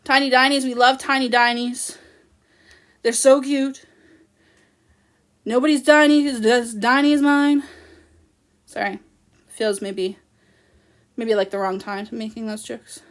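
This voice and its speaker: A Canadian woman in her thirties chats on her livestream with a high, bright voice. She sounds bubbly and gushing, and she keeps thanking her viewers by name in a casual, chatty way. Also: steady tone, unhurried, pauses often. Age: 30s. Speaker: livestream host.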